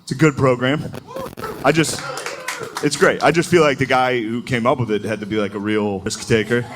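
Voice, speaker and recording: A man's voice: mid-range voice, fairly even intonation, moderate pace. A man doing a stand-up comedy set, crude and profane, laughing his way through his lines. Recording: noisy recording.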